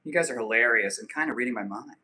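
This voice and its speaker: Bright-voiced joking male streamer. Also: mid-range voice. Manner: loose, joking and profane, with quick asides. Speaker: livestream host. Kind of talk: casual live-stream chat, reading viewer comments.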